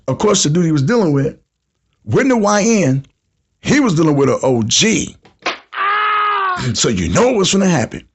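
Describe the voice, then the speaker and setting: A man's voice: high-pitched, wildly swooping pitch, moderate pace, pauses often, slightly rough. A man in his fifties hosting a casual call-in podcast, telling stories in heavy slang and acting out the people he quotes. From United States. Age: 50s. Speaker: podcast host.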